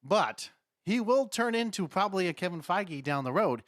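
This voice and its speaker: A man co-hosting a casual podcast, loud and excitable, swearing often. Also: sits high, normal speed, no echo, clean studio sound. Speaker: podcast co-host.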